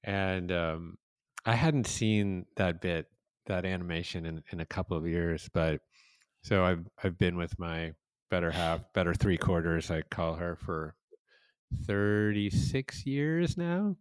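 Middle-aged male host, very low and smooth, reflective and unhurried, dry close-mic sound. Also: no echo. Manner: slow, reflective, hesitant. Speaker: podcast host. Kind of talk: casual conversation.

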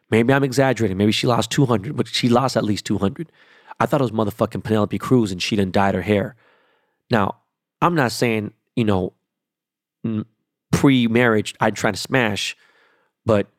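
A man's voice: lowish voice, normal speed, pauses often, no echo, studio quality. A man talking casually and profanely in a rambling, emphatic monologue.

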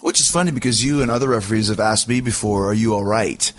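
A man's voice: on the low side, fast. A man from Canada hosting a casual interview, telling a story with energy and acting out what he said back then. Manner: animated storyteller, acts out his own past lines. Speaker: podcast host.

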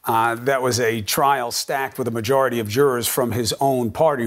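Forceful male news anchor. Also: mid-range voice, fairly even intonation, moderate pace, hardly any pauses, soft background music. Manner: forceful, argumentative, pressing. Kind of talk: pointed cable news interview.

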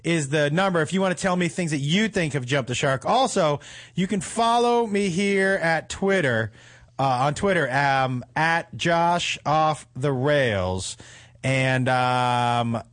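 A man's voice: fairly high pitch, slow pace, fairly bright tone. A middle-aged man hosting a radio talk show, telling funny self-deprecating stories and swearing freely. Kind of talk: casual storytelling chat.

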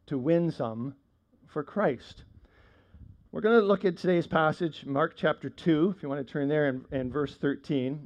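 A man's voice: on the high side, darkish tone. Man preaching a casual sermon. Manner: conversational preaching with frequent fillers and restarts. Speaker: pastor.

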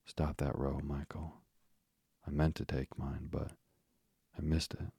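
A man's voice: very deep voice, flat delivery, slow pace, gravelly, mellow, husky, dry recording, clean studio sound, heavily acted. A man reading a blustering, sulky father. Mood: petulant. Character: blustering proud middle-aged father.

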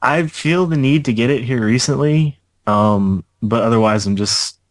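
A man's voice: mid-range voice, normal speed, no room sound. A man in his early twenties, a podcast guest, chatting in a dry, sarcastic, indifferent way. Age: 20s. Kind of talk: casual gaming podcast chat.

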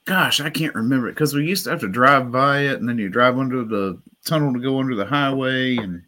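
A man's voice: medium pitch, fairly quick, sharp tone. A man co-hosting a casual sports talk show, chatting in an easygoing, agreeable way. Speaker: co-host.

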